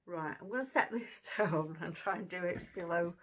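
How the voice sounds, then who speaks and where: Trying fruit at home for her channel, this host chats casually and conversationally, with plenty of fillers. She has a lowish, fairly bright voice at normal speed, in a low-quality recording with slight background noise.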